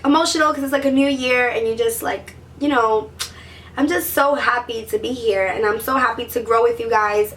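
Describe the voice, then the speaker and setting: A woman's voice: high-pitched, a bit bright, distant mic, slight background noise. A woman beauty vlogger chatting to camera while sick with a sore throat, gushing and peppering her talk with "like". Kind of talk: casual chat to camera.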